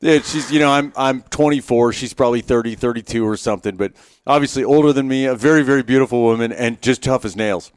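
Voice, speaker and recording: In clean, dry studio audio, a middle-aged man talks fast in a mid-range voice with a clean tone. He's a former Marine sniper guesting on a podcast, casually telling self-deprecating anecdotes from a wilderness hunting trip and frequently starting his sentences over in the relaxed interview.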